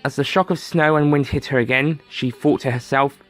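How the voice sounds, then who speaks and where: A man's voice: mid-range voice, fairly even intonation, moderate pace, faint music behind. A man narrating a story in a dry, wry scripted read.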